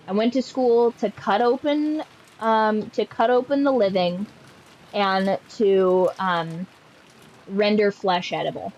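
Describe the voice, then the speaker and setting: A woman's voice: mid-range voice, steady tone, takes it slowly, darkish tone, highs cut off. Sarcastic, swearing woman streamer. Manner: sarcastic, profane, joking. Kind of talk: casual game stream commentary.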